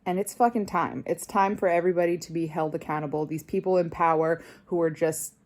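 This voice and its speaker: A woman's voice: lowish voice, fairly even intonation, brisk, a little mellow. A young woman vlogger delivering an angry personal rant, swearing constantly and getting more heated.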